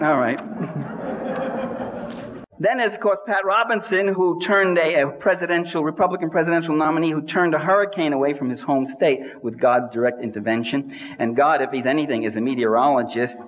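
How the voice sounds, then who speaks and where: A man's voice: a little high, slight background noise. Sardonic man lecturing in a hall. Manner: sardonic, mimics quoted people with exaggerated voices. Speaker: speaker addressing a live audience. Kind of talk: satirical public lecture. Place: large hall with audience. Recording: distant reverberant hall recording.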